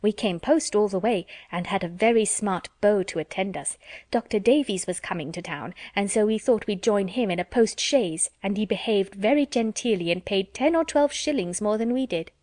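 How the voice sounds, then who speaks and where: A woman's voice: medium pitch, moderate pace, a little mellow, dry recording, lightly acted. A woman reading an audiobook, voicing a simpering, affected young woman who gossips. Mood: exultant.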